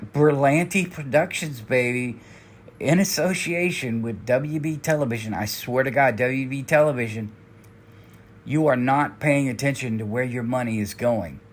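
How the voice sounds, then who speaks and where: A man's voice: mid-range voice, normal speed. A man hosting a commentary vlog, ranting in a heated, exasperated and profane way. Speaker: commentary channel host. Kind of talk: angry commentary rant.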